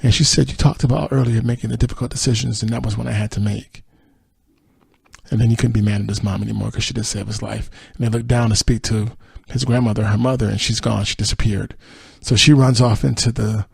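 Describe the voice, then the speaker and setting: A man talks through a TV episode as a podcast host, chatty and loose, full of "you know"s. His voice is gravelly and a bit husky. The sound is dry and close. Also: mid-range voice, steady tone, fairly quick, dry recording. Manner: chatty, many fillers, quotes characters in his own voice. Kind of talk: casual episode recap.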